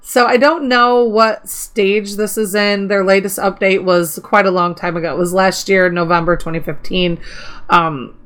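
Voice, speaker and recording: A woman's voice: mid-range voice, steady tone, normal speed, a bit bright, smooth. A woman co-hosting a casual gaming podcast, chatty, reading out mod notes and asking guests questions. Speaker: podcast co-host.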